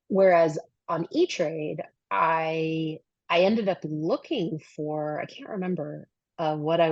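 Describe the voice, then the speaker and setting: Woman, low-pitched, gravelly, casual podcast co-host, rambling, dull dry recording. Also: darkish tone, dry recording. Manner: rambling, many fillers and restarts, quick bursts. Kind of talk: casual chat. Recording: dry, slightly dull lo-fi mic.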